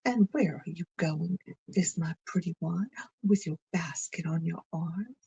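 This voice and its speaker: A woman's voice: lowish voice, unhurried, creaky, warm tone, husky, lo-fi sound, full character voice. A woman playing a sly, coaxing storybook wolf. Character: sly, scheming wolf posing as kindly.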